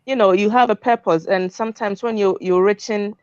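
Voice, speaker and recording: A woman guest speaking slowly in a motivational, lightly giggly way. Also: mid-range voice, fairly even intonation, smooth, no room sound. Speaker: guest on publishing show. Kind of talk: casual motivational chat. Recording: dry, dull lo-fi audio.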